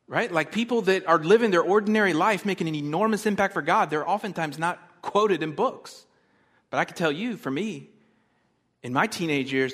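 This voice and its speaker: A man preaching a sermon as pastor, conversational, swinging between loud emphasis and soft, quiet asides. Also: mid-range voice.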